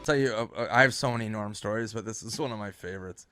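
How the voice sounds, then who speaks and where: A man's voice: on the low side, fast talker, over loud music. A man, a comedian, casually telling a backstage anecdote with lots of fillers. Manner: lively anecdotal delivery with frequent fillers. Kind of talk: casual storytelling.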